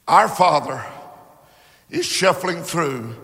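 A man preaching a sermon, telling a story slowly and building to impassioned, shouted peaks. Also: fairly high pitch, lively intonation, big-room sound.

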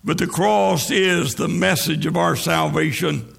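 A man preaching with a high, heavily gravelly voice that has a sharp, bright edge. He speaks slowly, stretching out phrases and repeating refrains in a rolling preacher's cadence. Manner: rhythmic, repetitive preaching cadence. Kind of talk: sermon.

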